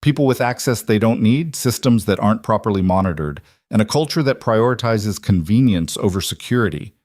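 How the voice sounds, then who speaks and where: A man's voice: lowish voice, expressive, a little fast, darkish tone, dry recording, clean studio sound. A man voicing a guarded former soldier and father, speaking tersely and firmly. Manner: terse, firm.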